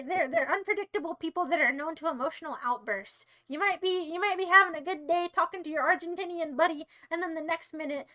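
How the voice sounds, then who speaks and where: A woman streamer rambling to her viewers by name in a playful, teasing way. Her voice sits very high, with a bright, sharp edge. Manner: playful, teasing, mock-sweet. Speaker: livestreamer. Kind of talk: casual livestream chat.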